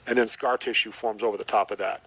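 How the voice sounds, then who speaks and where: A middle-aged man with a bright, forward voice speaks as a podcast guest. He gives an earnest, reflective personal testimony and often repeats short phrases. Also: lowish voice, steady tone, fast, breathy edge, poor audio.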